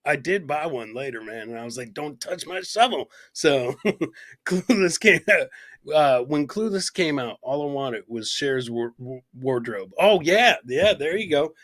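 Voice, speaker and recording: A man's voice: medium pitch, animated, measured pace, fairly bright tone, dry recording. A man co-hosting a podcast, telling a story in a casual, profane way, laughing often and acting out the people he quotes. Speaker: podcast co-host.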